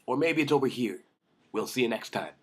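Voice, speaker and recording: A young man hosting a comedic film commentary vlog, sarcastic and excitable, ranting with jokes. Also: mid-range voice, a little fast, breathy edge. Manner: sarcastic, excitable, jokey rants. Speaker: vlog host.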